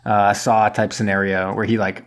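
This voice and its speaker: A man casually retelling a movie plot on a podcast, rambling and dropping into quick character impressions. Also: on the low side, flat delivery. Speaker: podcast co-host. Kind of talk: casual movie recap chat.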